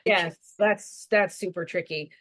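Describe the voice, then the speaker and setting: A woman counselor being interviewed on a podcast, explaining ideas in quick bursts with restarts. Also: on the low side, fairly even intonation, a bit bright, dry recording, studio quality. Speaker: licensed counselor, guest.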